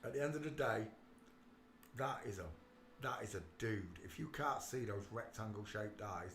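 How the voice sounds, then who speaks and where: A man with a sharp, bright voice hosts a casual livestream, mumbling one moment and shouting the next. His voice rings around an echoey room, with a faint hiss of background noise underneath. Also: on the low side. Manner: emphatic, swings from mutters to loud outbursts. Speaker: livestream host.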